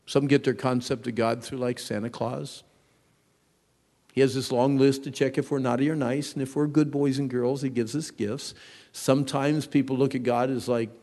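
A man in his fifties preaching a sermon as a pastor, swinging from hushed asides to loud emphatic lines. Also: mid-range voice, long reverb tail. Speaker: pastor and youth counselor.

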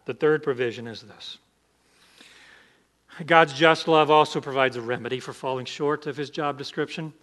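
A man's voice: mid-range voice, fairly bright tone, clean tone. A man pastor preaching an emphatic sermon, asking the congregation rhetorical questions.

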